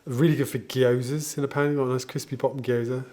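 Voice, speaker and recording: A man's voice: mid-range voice, flat delivery, quick pace, darkish tone. A man, a home baker, chatting casually and jokingly as he demonstrates his favourite kitchen tools. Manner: chatty, jokey, enthusiastic. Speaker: home baker showing equipment.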